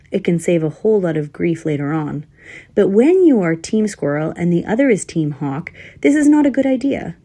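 A woman's voice: fairly low pitch, gravelly, dark tone, breathy edge. A woman narrating a children's storybook aloud, with wry, dry asides to the listener.

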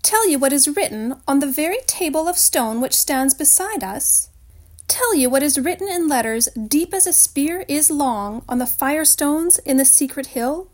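A woman's voice: high-pitched, animated, normal speed, a little mellow. A woman reading aloud, voicing a cruel witch queen in an icy, demanding, scornful way. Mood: menacing.

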